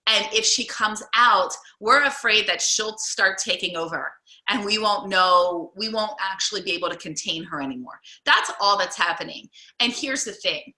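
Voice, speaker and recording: A woman with a very bright, forceful voice talks chattily to a group on a call, encouraging them and filling pauses with ums and likes. The sound is roomy, with a noticeable echo around her. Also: medium pitch. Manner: chatty, encouraging, many fillers. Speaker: group coach. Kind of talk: group call coaching talk.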